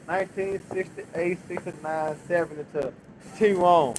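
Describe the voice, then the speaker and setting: A man's voice: sits high, moderate pace, low-quality recording. A man leading street preaching, prompting the others and answering his own questions in a call-and-response style. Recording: outdoor street noise, passing traffic.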